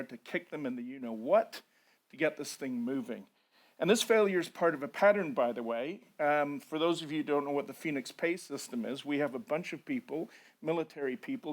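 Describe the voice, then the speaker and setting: Forceful man making a campaign pitch. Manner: forceful, punchy. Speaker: election candidate. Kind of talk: debate speech. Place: community debate hall.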